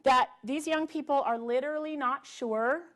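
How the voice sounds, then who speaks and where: A middle-aged woman giving an earnest, emphatic public talk to a live audience, pausing on rhetorical questions. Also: sits high, fairly bright tone. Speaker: public speaker. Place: library event room with audience.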